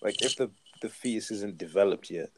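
Young man, podcast co-host, slightly low pitch, relaxed slangy talk full of fillers. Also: a little fast. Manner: laid-back, slangy, filler-heavy. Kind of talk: casual chat.

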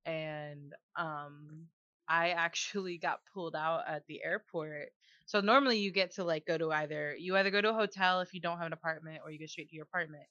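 A woman's voice: deep voice, fairly even intonation, brisk, bright, forceful tone, no echo. A young woman chatting casually as a guest, telling stories with lots of fillers and laughter. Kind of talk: casual chat. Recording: dull lo-fi dry sound.

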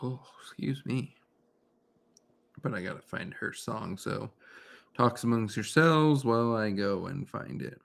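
A man's voice: medium pitch, a little slow, creaky. A man co-hosting a casual chat, joking, laughing often and swearing. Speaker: podcast co-host. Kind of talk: casual chat while playing music.

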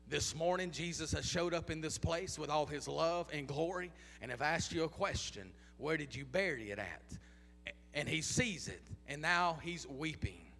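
Gravelly high-voiced preacher in a reverberant church. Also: male voice, a bit bright. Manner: repetitive rhetorical questions, rising to chanted intensity. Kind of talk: preaching a sermon. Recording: long hall reverb.

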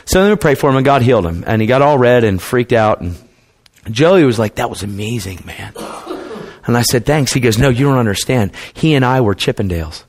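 A preacher, a man, shares a testimony in a relaxed, conversational tone. He slips into the voices of the people in his story as he tells it. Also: mid-range voice, fast talker. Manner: casual and conversational, calls people man and dude; acts out quoted people in dialogue.

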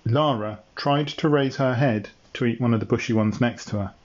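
A man narrating an improvised story in a playful, unhurried way. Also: medium pitch. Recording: dull lo-fi sound.

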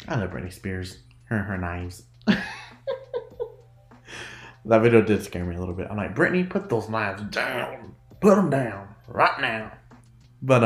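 Lively, giggly podcast host in an echoey room. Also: mid-range voice. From United States. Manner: rambling, giggly, self-interrupting. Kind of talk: casual solo podcast chat.

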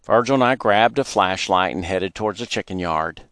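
Guy reading his childhood story, easy steady pace, really dry close sound. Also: deep voice, smooth, no room sound. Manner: plain, unhurried storytelling. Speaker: narrator.

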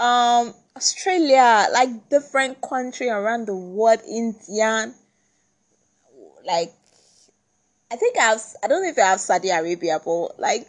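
A woman's voice: fairly high pitch, lively intonation, measured pace. Bubbly Nigerian woman podcaster. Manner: bubbly and chatty, laughing often. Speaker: podcast host. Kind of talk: casual solo podcast chat.

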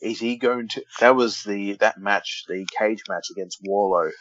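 A man's voice: on the low side, normal speed, fairly bright tone, lo-fi sound. A man co-hosting a wrestling podcast in casual chat, joking and teasing, often stumbling over names. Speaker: podcast co-host.

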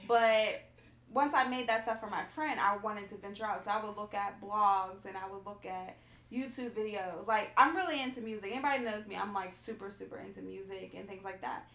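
Gravelly, bright-voiced woman chatting in an echoey room. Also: mid-range voice, a little fast. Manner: animated storyteller, lots of "like". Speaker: guest baker. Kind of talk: casual podcast chat.

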